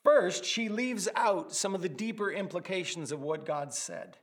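A man with a rather high voice preaches to his congregation. He delivers the sermon in an animated way, building vivid word pictures and dropping in light humorous asides. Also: a little slow. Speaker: pastor.

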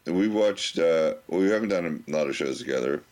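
A man with a low voice hosts a chatty podcast. He jokes around and laughs often as he trades banter with his co-host. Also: lively intonation, fairly quick, a little mellow. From United States. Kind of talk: casual banter.

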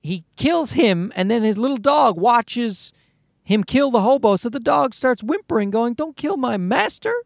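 Ranting casually on a podcast, the host speaks in a gravelly, medium-pitched voice, animated but a little slow. The talk is profane, with frequent swearing and many restarted sentences, recorded dry at studio quality.

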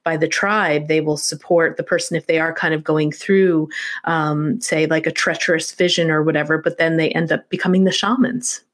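A woman's voice: sits low, steady tone, moderate pace. A woman in a casual interview, talking conversationally with fillers.

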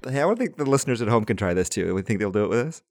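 A man's voice: lowish voice, animated, racing, a little mellow, no room sound, studio quality. A man hosting a children's audio show, friendly and encouraging, speaking straight to the young listeners. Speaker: host.

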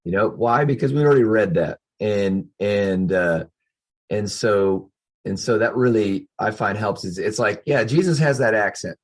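A man's voice: on the low side, normal speed. A man who hosts a church Q&A on a video call, talking earnestly and thinking aloud as he goes. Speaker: pastor hosting a Q&A. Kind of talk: casual discussion on a video call.

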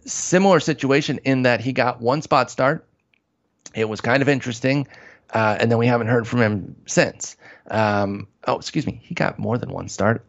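A man's voice: mid-range voice, muffled recording. A man hosting a casual baseball podcast, rambling and correcting himself as he talks shop. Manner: rambling, self-correcting, self-deprecating. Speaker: fantasy baseball podcast host. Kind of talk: casual sports chat.

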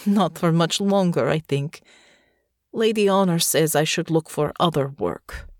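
A woman voicing a tired young woman soldier who speaks quietly and ruefully. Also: deep voice, a little slow, no room sound, studio quality.

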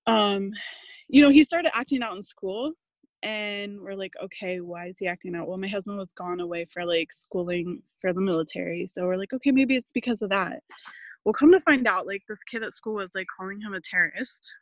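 Speaking fairly quickly in a mid-range voice, this podcast guest in her thirties shares family stories in a chatty, filler-heavy way, quoting people with animation. The recording is rough but has no echo.

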